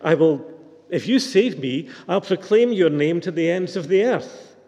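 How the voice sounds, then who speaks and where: Preacher doing a panicky guy hanging off a branch, yelling and begging, echoey church. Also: fairly high pitch, expressive, a little slow, gravelly, dull audio. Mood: pleading. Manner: shouting, pleading. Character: desperate man clinging to a cliff branch.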